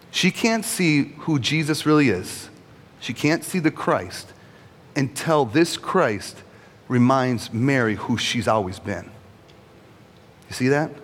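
Conversational male preacher in a reverberant hall. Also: medium pitch. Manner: conversational and humorous, with frequent rhetorical "right?". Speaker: pastor. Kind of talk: sermon.

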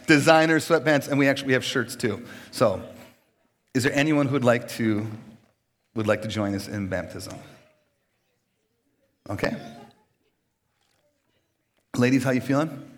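A man's voice: medium pitch, unhurried, pauses often. A man pastor on a church stage inviting people to be baptized, chatty and joking, laughing often and restarting his sentences. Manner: laughs often between phrases. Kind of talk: casual sermon invitation.

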